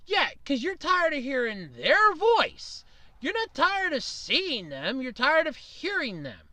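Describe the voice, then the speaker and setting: Blunt, lively solo podcast host. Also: sits high, takes it slowly, no echo. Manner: blunt, opinionated, swears casually; rambling with frequent restarts. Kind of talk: solo casual podcast commentary.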